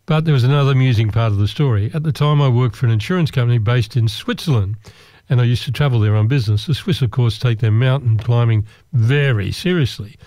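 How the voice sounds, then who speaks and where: A man's voice: mid-range voice, quick pace, mellow, no room sound. A man telling a true personal anecdote in a self-deprecating, wry way, rambling a little with restarts. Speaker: storyteller. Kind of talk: personal anecdote told to listeners.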